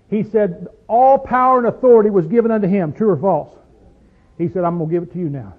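High-voiced folksy preacher, tinny sound. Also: male voice. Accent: Southern US. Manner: folksy, emphatic, asks the congregation questions. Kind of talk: sermon. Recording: tinny phone-like recording.

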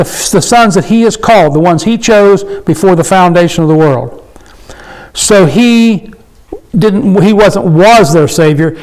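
High-voiced man teaching scripture. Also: darkish tone, poor audio. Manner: reads scripture slowly, then explains plainly with rhetorical questions. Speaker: Bible teacher. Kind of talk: informal Bible study teaching.

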